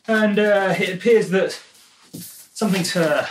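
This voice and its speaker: An excitable voice rambles and jokes through an unboxing at home, picked up by a camera mic set well back from the speaker. The room rings with echo, and a steady hiss of noise sits under the voice. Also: medium pitch, moderate pace. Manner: excitable, jokey, rambling, talks while handling things. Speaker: music producer and YouTuber. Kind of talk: casual unboxing vlog. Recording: echoey room, distant mic, noisy.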